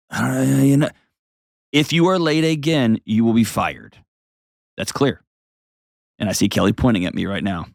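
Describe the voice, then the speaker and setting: A man's voice: medium pitch, no echo, clean studio sound. A man hosting an advice show, talking bluntly and emphatically and repeating words for stress. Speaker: host.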